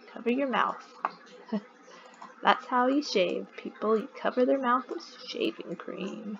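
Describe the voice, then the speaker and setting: A woman's voice: medium pitch, lo-fi sound, a little hiss or hum. A woman giving casual let's-play commentary, giggling often and chatting to the game's characters.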